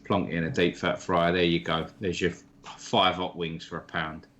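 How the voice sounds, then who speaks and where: Casual bloke, lower register, crude matey banter, co-host. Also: male voice, flat delivery, moderate pace, a bit bright, highs cut off. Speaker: stream co-host. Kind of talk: casual chat.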